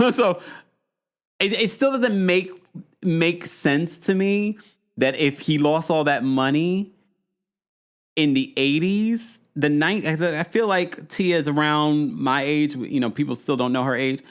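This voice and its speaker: A man's voice: a little high, slow, clear, resonant tone. A man in his forties hosting a casual podcast, recapping reality TV in a chatty way and reading out viewers' comments. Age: 40s. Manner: animated and chatty, with frequent restarts and asides to viewers. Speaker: podcast host.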